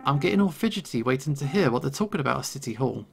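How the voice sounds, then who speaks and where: A man's voice: mid-range voice, animated, racing, vocal fry, slight background noise. A man voicing a friendly woman shopkeeper who brews potions in a video game, speaking in an easygoing, knowing way.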